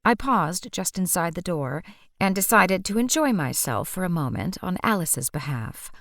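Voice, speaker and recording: A woman narrating an audiobook in a wry, measured manner. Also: on the low side, very animated, fairly bright tone, dry recording, clean studio sound.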